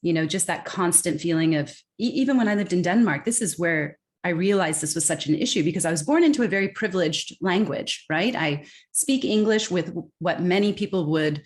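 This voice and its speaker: A woman's voice: lowish voice, brisk, few pauses. A woman from California with a general American accent, a guest speaking emphatically in an interview and acting out the voices she quotes. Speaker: guest expert. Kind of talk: conversational interview.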